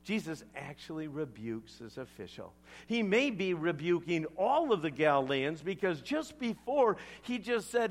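A male pastor preaching a sermon, retelling a scripture story with animated asides to the congregation. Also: a little high, normal speed.

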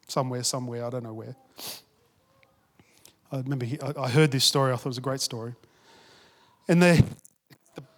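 Impassioned pastor in a reverberant hall. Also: male voice, mid-range voice. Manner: impassioned, swinging from loud urging to hushed storytelling. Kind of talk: sermon.

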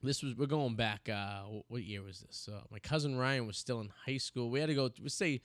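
A man's voice: medium pitch, brisk, no room sound. A man in his thirties hosting a casual podcast, telling long rambling stories full of restarts and fillers. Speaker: podcast host. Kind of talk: casual chat. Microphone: studio mic.

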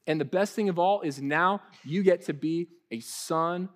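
A young man preaching a sermon in a lively, conversational way, often restarting his sentences. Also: on the high side, measured pace. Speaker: pastor.

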